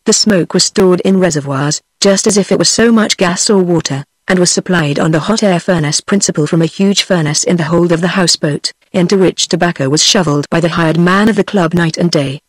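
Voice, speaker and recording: A woman's voice: on the low side, a little fast, few pauses, slightly rough, no room sound. Synthetic British woman narrating a book. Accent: British English. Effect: text-to-speech voice. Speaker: audiobook narrator. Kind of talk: scripted narration.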